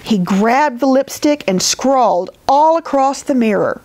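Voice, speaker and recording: A woman librarian reading a picture book aloud in a gentle, expressive storytelling manner. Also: sits high, measured pace, hardly any pauses.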